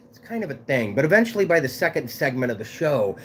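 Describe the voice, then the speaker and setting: A man hosting a casual livestream, talking in a loud, shouting way and swearing freely. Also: mid-range voice, very animated, quick pace, slightly rough. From Fresno, California. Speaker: live show host.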